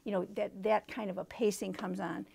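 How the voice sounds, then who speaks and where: A woman's voice: medium pitch, level tone, moderate pace, creaky, mellow, slightly rough. A woman hosting a book talk for teachers, explaining in a teacherly way and reading poems aloud. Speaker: book reviewer and show host.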